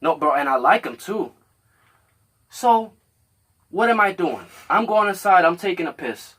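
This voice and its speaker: A man hosting a podcast, telling a story in casual chat, animated and profane, acting out both sides of a quarrel. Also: sits high, measured pace. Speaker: podcast host.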